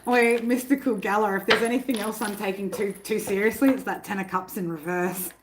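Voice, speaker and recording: Streaming live from her home, this tarot reader talks in a loose, chatty way, cursing freely and often stopping to scold her bickering cats. She speaks fairly quickly at a middle pitch, with constant background hiss underneath.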